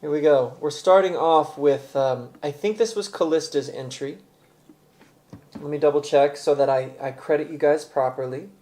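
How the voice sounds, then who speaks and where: A man's voice: on the high side, moderate pace, warm tone. Guy hosting a cooking livestream, chatty and loose, talking while he eats. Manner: chatty, talks while eating and handling gear. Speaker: livestream host. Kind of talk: casual livestream chat.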